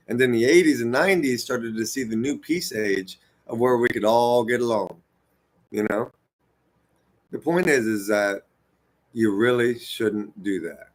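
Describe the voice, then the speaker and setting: A man's voice: medium pitch, moderate pace. Fired-up male vlogger in his forties, lecturing viewers in a loose, profane, rambling rant. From United States. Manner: heated, profane, rambling and preachy. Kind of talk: unscripted rant to camera.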